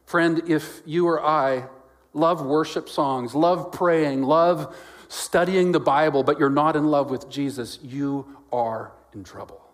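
A male pastor delivers a lively sermon in a slightly higher-than-usual voice. He swings from loud, emphatic lines down to quiet asides and playfully acts out the voices of others. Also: takes it slowly. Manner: animated preaching, swinging from loud exclamations to quiet lowered lines; acts out quoted voices with jokes and laughs.

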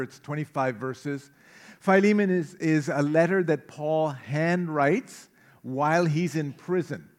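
A middle-aged man preaching a sermon as pastor, conversational, with humorous asides and frequent fillers. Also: on the high side.

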